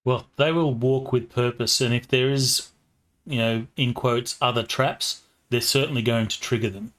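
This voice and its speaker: Man, game master, tabletop narration, relaxed, many fillers, mid pitch. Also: normal speed.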